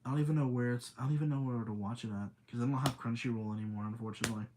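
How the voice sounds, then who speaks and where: A man's voice: mid-range voice, steady tone, racing, background noise. A young man rambling through a casual spooky story on a livestream, reading chat aloud between thoughts. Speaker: streamer.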